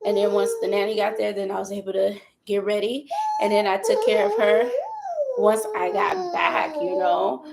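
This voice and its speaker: Woman vlogging, kinda out of breath, raspy fry in her voice, just venting. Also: medium pitch, animated, fairly quick, heavy background noise. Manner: candid, rambling, venting. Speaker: vlogger and mother. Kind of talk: casual chat to camera.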